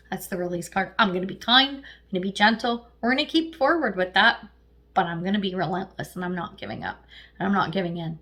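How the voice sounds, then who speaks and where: Lively chatty woman reading tarot. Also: mid-range voice, fairly quick. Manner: lively, chatty and laughing, slangy. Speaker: tarot reader. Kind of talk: casual tarot reading to viewers.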